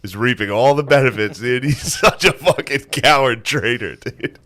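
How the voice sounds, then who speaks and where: A man's voice: medium pitch, moderate pace, pushed and bright. A man co-hosting a podcast, teasing his friend in laid-back, profane banter. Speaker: podcast co-host.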